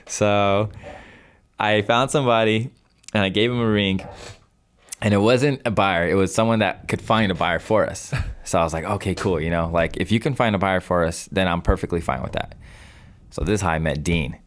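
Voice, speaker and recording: A deep-voiced man in his twenties tells a story as a podcast guest. He talks casually and replays his old phone calls in lively bursts. His voice sits low throughout. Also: normal speed. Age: 20s. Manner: animated storyteller, acts out his own past phone calls. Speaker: podcast guest, real estate investor.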